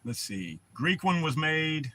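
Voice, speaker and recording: A man's voice: a little high, sing-song, slow, sharp tone, a little hiss or hum. A man hosting a casual livestream, rambling in a laid-back way and swearing often. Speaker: livestream host.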